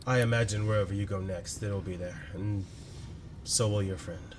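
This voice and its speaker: A man's voice: lowish voice, fairly even intonation, moderate pace, lightly acted. A weary old forge-master who has seen it all, put on by a man answers with dry, chuckling understatement. The voice lifts a little above the man's own. A faint hiss sits behind the tabletop game.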